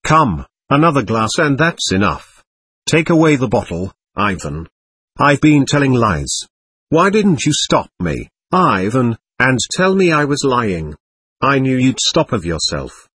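A man's voice: medium pitch, sing-song, unhurried, fairly bright tone, slightly rough, heavily acted. A man reading the part of a drunken, lecherous old man who rambles and needles his sons. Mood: quarrelsome. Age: older.

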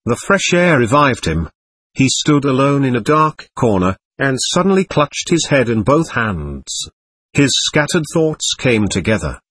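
A man reading a classic novel aloud as audiobook narrator, in a measured literary manner. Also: medium pitch, very animated, a bit bright, husky, no room sound. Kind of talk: scripted narration.

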